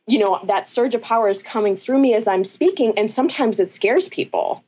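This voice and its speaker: A woman's voice: on the high side, a little fast, background noise. A woman talking in casual conversation, rambling with many fillers and restarts.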